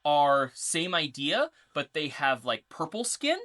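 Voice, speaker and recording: A woman's voice: sits low, sing-song, takes it slowly, a bit bright. A woman co-hosting a podcast, explaining game lore in a chatty, casual way with lots of fillers. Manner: chatty, reads notes, filler-heavy. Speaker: podcast co-host.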